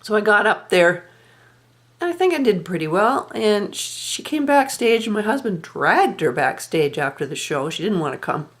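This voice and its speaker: A woman's voice: mid-range voice, big pitch swings, normal speed. A woman telling a personal story in a candid, rueful and reflective way, sighing now and then. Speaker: vlogger.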